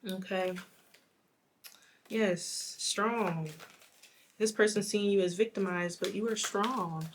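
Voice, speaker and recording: Chatty young woman, slightly hoarse. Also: medium pitch, takes it slowly, long pauses, slight background noise. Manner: rambling and chatty, full of "like". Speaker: tarot reader. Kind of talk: casual one-on-one tarot reading.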